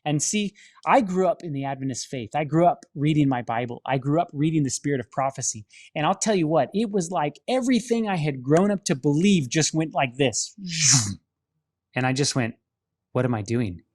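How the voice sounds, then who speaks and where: A man's voice: fairly high pitch, expressive, a little fast, a little mellow. A man, a film studio director, telling his personal faith testimony in an earnest storytelling manner, often restarting his sentences. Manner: earnest storytelling with many restarts and dramatic acted-out quotes.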